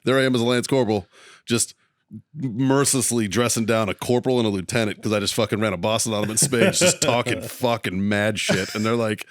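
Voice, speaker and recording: A man's voice: on the low side, fairly quick, no echo, studio quality. A man in his thirties, co-hosting a podcast, telling a war story in a loose, swearing, filler-heavy way. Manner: swears freely, lots of fillers, laughs mid-story. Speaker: podcast co-host. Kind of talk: casual profane storytelling.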